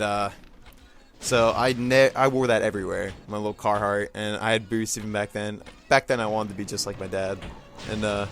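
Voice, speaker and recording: A man's voice: lowish voice, fairly bright tone. A young man casually telling a childhood story in a rambling way, full of fillers, restarts and short laughs. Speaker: gaming channel host.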